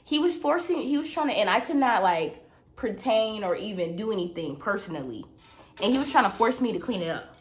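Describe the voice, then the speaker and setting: A young woman recounts a personal story to her viewers in a storytime vlog. She is emphatic and repeats herself, and her voice sits at a mid pitch. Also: sing-song, a little fast. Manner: emphatic, repetitive, talks straight to viewers. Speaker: vlogger.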